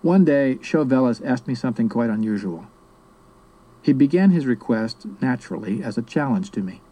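A man from South America reading his memoir aloud in a steady, measured storytelling manner. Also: mid-range voice, husky, low-quality recording. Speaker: narrator.

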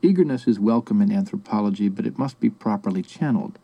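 A man's voice: fairly low pitch, expressive, fast, vocal fry, warm tone, dull audio. A man reading the lines of an older male anthropology professor who lectures in a tired, condescending way. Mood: weary advice.

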